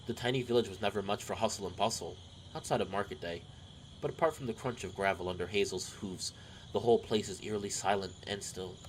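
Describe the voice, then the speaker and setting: A man's voice: lowish voice, a little hiss or hum. Chatty man reading a game aloud. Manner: casual, chatty, rambling with fillers. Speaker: game streamer. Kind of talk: reading a visual novel aloud with commentary. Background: game music.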